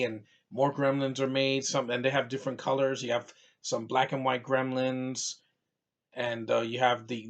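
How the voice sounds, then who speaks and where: A man's voice: medium pitch, muffled recording. A man from New York giving a casual, rambling movie review, full of fillers and restarts.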